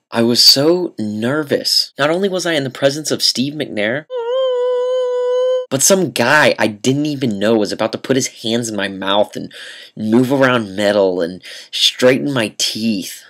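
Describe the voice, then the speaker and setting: Deadpan young man telling a comic story. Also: mid-range voice. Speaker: vlogger.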